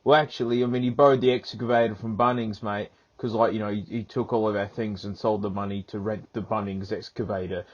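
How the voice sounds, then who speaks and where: A man's voice: lowish voice, fairly even intonation, fairly quick, few pauses, lo-fi sound. An Australian man telling an absurd story in a rambling comic monologue, full of "like" and "mate". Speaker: comedian.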